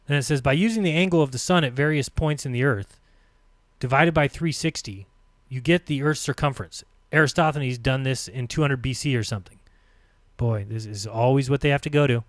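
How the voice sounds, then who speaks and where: A man hosting a live stream, reading comments aloud with sarcastic, mocking remarks between quotes and dropping to a low mutter on short asides. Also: a little fast, no room sound.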